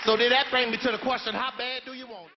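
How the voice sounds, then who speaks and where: A man's voice: extremely high pitch, flat delivery, fast, over a noisy crowd, heavy background noise. A man playing a sassy, preachy older grandmother in a stage play monologue, handing out blunt, folksy, sermon-like life advice. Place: theater stage before a live audience. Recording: dull live stage recording in a reverberant hall.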